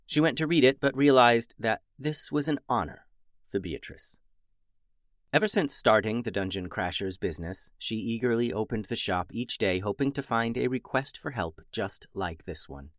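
A man hosting a children's podcast, narrating stories in a playful, animated way into a close, dry mic. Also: lowish voice, normal speed, dry recording. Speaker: children's podcast host and storyteller. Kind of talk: storybook narration for kids.

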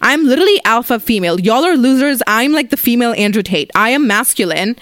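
A woman in her twenties hosting a casual solo podcast from her apartment, talking bluntly and profanely with animated storytelling. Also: fairly high pitch, fast, dry recording. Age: 20s. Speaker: podcast host.

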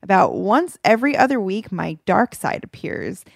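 Woman co-host, wry reader, very lively pitch, some vocal fry, dry mic. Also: normal speed, no room sound. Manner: lively, wry reading with laughs. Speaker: podcast co-host. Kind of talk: reading a listener letter, casual chat.

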